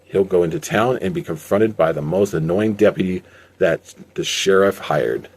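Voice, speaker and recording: A smug, boastful villain who schemes out loud and brushes off every insult, low in pitch, as a man reads him in his own voice. He sounds like a character in an amateur storybook reading. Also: normal speed, creaky, husky, heavily acted.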